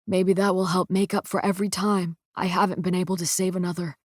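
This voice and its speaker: A woman narrator voicing a dying young man who speaks softly and calmly. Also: on the low side, a little fast, no room sound, clean studio sound, close to an everyday voice. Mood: tender. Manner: soft, quiet, steady reassurance.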